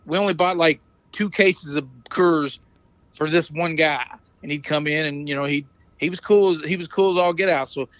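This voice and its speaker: A man's voice: a little high, steady tone, normal speed, a bit bright, dry recording, highs cut off. A man co-hosting a casual podcast, telling rambling anecdotes and correcting himself as he goes. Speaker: podcast co-host, former caddie. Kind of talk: casual storytelling chat.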